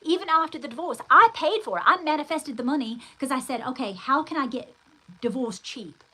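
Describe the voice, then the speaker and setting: A middle-aged woman from the United States talks through a personal story as a show host. Her voice sits a little high and rings bright and forward. She rambles with frequent restarts and fillers, leaning hard on emphatic repeats. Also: expressive, brisk, low-quality recording.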